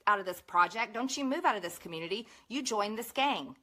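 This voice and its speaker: A woman's voice: mid-range voice, expressive, a little fast, natural voice. A woman in a played clip, insistent and commanding as she pressures someone to stay in a gang. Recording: distant clip with a noisy background.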